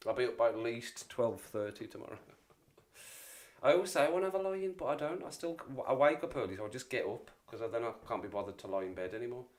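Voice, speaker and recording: A man's voice: medium pitch, lively intonation, fast talker. A middle-aged man chatting casually on a live stream, joking and repeating himself. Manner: jokey, rambling, repeats himself. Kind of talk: casual chat.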